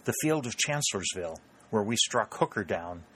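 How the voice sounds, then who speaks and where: A man reading the murmured lines of a wounded, proud young Southern gentleman in an audiobook, speaking low and quietly. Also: animated, normal speed, breathy edge, full character voice. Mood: hopeful.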